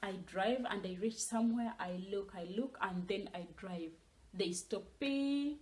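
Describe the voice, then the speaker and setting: A young woman telling her own story in a casual vlog, animated and dropping into whispers for asides. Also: medium pitch, measured pace, slight background noise, poor audio. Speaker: vlogger.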